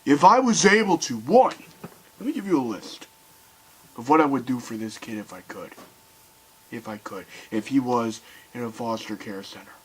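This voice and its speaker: A young man ranting heatedly to camera, swearing often and swinging between loud outbursts and quiet bitterness. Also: mid-range voice, animated, normal speed, long pauses, breathy edge, poor audio. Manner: heated, swearing, voice rising and falling sharply. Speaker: video commentator. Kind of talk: angry rant to camera.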